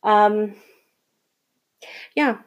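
A woman's voice: mid-range voice, drawn-out words, lo-fi sound. A young woman from Atlanta hosting her own student podcast, talking emotionally and rambling with restarts and laughs. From Atlanta, Georgia. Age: young adult. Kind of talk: casual solo podcast monologue.

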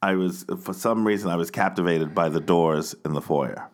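An American man in casual conversation, animated and acting out quotes. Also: normal speed. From United States. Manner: animated, acts out quotes in high voices. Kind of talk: casual chat.

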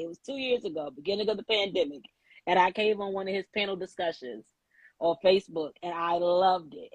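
A woman's voice: lowish voice, husky, no room sound, poor audio. A woman hosting a live podcast, chatty and outspoken, laughing often as she talks. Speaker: podcast host.

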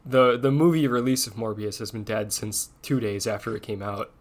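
A man's voice: on the low side, fairly even intonation, normal speed. A man co-hosting a casual podcast, joking and rambling, swearing freely. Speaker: podcast co-host.

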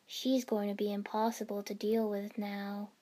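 A woman's voice: medium pitch, flat delivery, moderate pace, dark tone, natural voice. A woman reading the lines of a glum, easygoing young male ninja, mournful and sighing.

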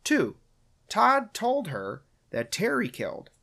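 A man hosting a podcast, recapping a film in casual chat with a wry, profane manner and quick acted-out quotes. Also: high voice, huge pitch swings, creaky, sharp tone. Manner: wry, swears, acts out quoted lines. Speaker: podcast host.

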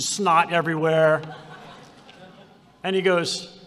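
A man's voice: sits high, moderate pace, long pauses. Man preaching in a reverberant hall. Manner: preaching, swings from quiet storytelling to shouted declarations. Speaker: pastor. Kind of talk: sermon. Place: conference hall.

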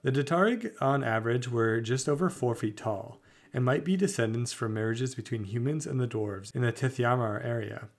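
A man co-hosting a tabletop podcast, reading fantasy lore aloud at a measured, slightly halting pace. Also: medium pitch, lively intonation. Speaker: podcast co-host.

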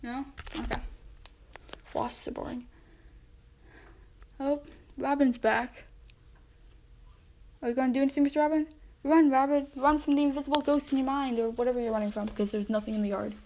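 On her casual solo podcast, a young woman with a high, level, darkish voice talks briskly but leaves long pauses, with a little hiss or hum in the background. She narrates the animals she spots from her window, gets sidetracked, and speaks to them.

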